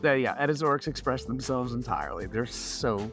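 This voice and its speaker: A man co-hosts a relaxed hobby podcast, gushing with enthusiasm and laughing easily. His voice sits at an ordinary middle pitch, with faint music underneath. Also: a little fast. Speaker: podcast co-host. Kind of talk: casual hobby chat.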